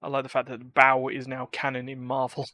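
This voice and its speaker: A man hosting a relaxed gaming podcast, his voice sitting at an ordinary middle pitch. He rambles, circles back and restarts his sentences, airing firm opinions. The sound is close and dry. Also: brisk, dry recording. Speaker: podcast host. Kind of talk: casual chat.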